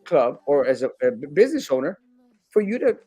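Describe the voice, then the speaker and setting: A man's voice: fairly high pitch, fairly quick, breathy edge, no room sound. A man, a guest on a talk show, talking casually and with feeling, often restarting his sentences. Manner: animated, acts out critics in mocking voices; many restarts and fillers. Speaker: guest, sitting school board member.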